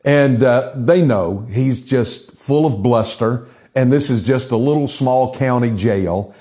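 A middle-aged man preaching a sermon, telling Bible stories in a lively way and acting out the characters' lines. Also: medium pitch, slow. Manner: lively storytelling, acting out quotes. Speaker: pastor.

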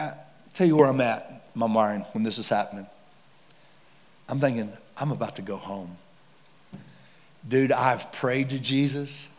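A man preaching with dramatic storytelling, swinging from hushed to loud and excited. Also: medium pitch. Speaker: pastor. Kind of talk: sermon storytelling. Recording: long hall reverb.

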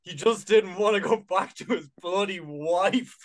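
A man's voice: sits high, unhurried, heavy background noise. A man from Ireland co-hosting a comedy podcast, rambling through jokes and swearing casually. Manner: rambling, jokey, swears often. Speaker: podcast co-host.

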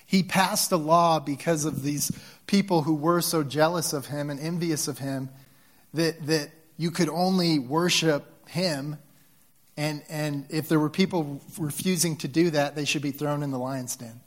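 A male pastor with a fairly high voice preaches in a relaxed, conversational way. He often restarts his sentences. Now and then his voice swells with feeling. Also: measured pace. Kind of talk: sermon.

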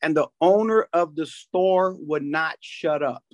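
High-pitched man recalling comedy gigs. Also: unhurried, dry recording. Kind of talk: casual podcast chat.

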